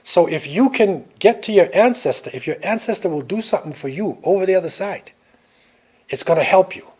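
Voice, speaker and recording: A man's voice: high-pitched, expressive, brisk, darkish tone, slightly rough. An older man giving a classroom lecture, telling stories and often checking in with the listeners. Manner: storytelling, checks in with "right?".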